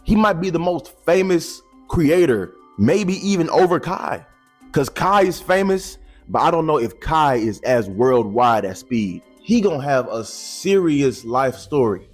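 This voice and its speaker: A man's voice: fairly high pitch, big pitch swings, a little slow, soft background music. A man giving casual YouTube commentary, slangy and joking, with boastful asides to the camera.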